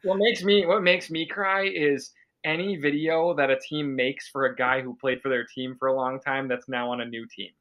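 A man's voice: medium pitch, fairly even intonation, normal speed, few pauses, fairly bright tone. A man co-hosting a sports podcast, talking in a casual, blunt, opinionated way. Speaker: podcast co-host. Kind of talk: casual chat.

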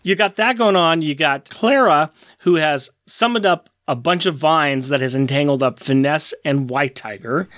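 A man's voice: a little high, moderate pace, hardly any pauses, dry recording, studio quality. A man co-hosting a podcast, chatting casually and playfully about comic books and laughing often. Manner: animated, laughing, playful comic-book banter. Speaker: podcast co-host. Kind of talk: casual chat.

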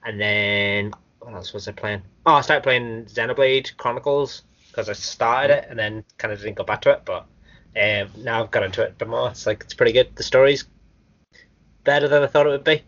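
A man co-hosting a casual gaming podcast. He is chatty and excitable, and laughs often. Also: medium pitch, a little fast. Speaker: podcast co-host. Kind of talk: casual chat. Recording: dull lo-fi recording.

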